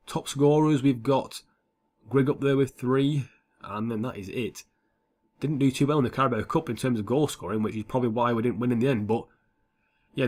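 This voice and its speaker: A young man giving casual, sweary commentary over a football management game. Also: medium pitch. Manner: blunt, sweary and offhand. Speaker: gaming YouTuber.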